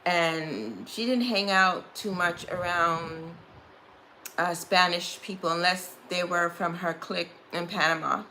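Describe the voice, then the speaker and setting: A woman's voice: fairly low pitch, slow, sharp tone, slight background noise. A woman with a Brooklyn accent, chatting casually on a beauty livestream, rambling and restarting her phrases. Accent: Brooklyn, New York. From Brooklyn, New York.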